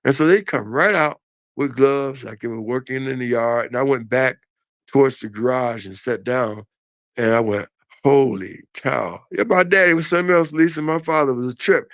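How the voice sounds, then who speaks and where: An older man telling a story in a casual, animated and folksy way on a live stream. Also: mid-range voice, normal speed, no echo.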